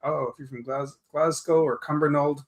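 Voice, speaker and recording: Gravelly man laughing through casual chat. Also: fairly high pitch, normal speed. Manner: laughs often, relaxed. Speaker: podcast co-host.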